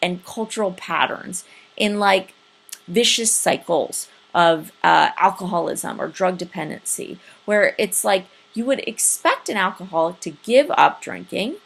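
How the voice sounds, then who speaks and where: Creaky-voiced woman lecturing casually. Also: lowish voice, animated, a little slow. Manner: casual, chatty, full of fillers and restarts. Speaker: college communication instructor. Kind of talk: recorded lecture.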